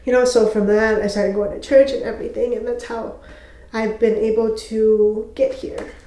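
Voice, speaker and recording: A woman's voice: on the high side, little pitch movement, dark tone. Earnest woman sharing a testimony, echoey room. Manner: emotional, halting, earnest. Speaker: faith video host. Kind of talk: personal testimony to camera.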